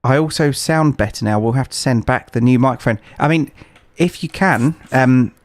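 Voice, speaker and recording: A man with a medium-pitched voice streams a game from home at a moderate pace, casually chatting with viewers in a rambling, hesitant, filler-laden way. His streaming microphone gives a dry recording.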